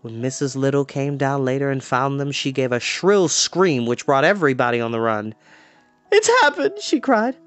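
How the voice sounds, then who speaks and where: A storyteller reading a children's book aloud in an expressive, lively way. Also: mid-range voice, normal speed, few pauses.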